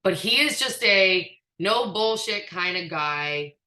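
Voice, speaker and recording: A woman's voice: mid-range voice, expressive, slow, bright, forceful tone. A woman giving a candid, casual motivational talk as a direct-sales team trainer, emphatic and peppered with filler words and the odd swear. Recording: echoey room.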